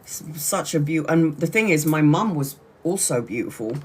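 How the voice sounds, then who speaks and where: A woman's voice: low-pitched, expressive, moderate pace, a little mellow, breathy edge. A woman from Brazil hosting a casual livestream. She talks chattily, laughs often and restarts her sentences. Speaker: tarot reader livestream host.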